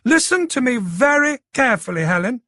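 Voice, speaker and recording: A man's voice: extremely high pitch, big pitch swings, fairly quick, sharp tone, dry recording, studio quality, pitched above the performer's own voice, full character voice. A man voicing a tough, commanding woman police commander who barks urgent orders.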